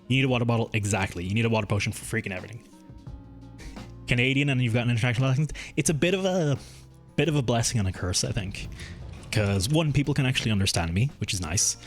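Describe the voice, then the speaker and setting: A man with a mild Irish accent, chatting casually and rambling while streaming a game, swearing freely. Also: medium pitch. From Ireland. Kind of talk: casual live-stream chat while gaming.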